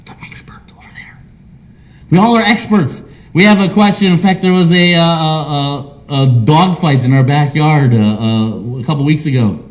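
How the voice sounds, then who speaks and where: At a normal speed and in a slightly high voice, a Midwestern American pastor of a small church delivers a sermon. He is animated and acts out conversations he imagines.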